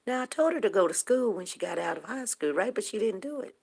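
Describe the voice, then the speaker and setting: Gravelly-voiced chatty woman in her fifties. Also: mid-range voice, expressive, quick pace, darkish tone. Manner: rambling, chatty storytelling. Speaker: morning talk show host. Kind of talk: casual chat on a livestream.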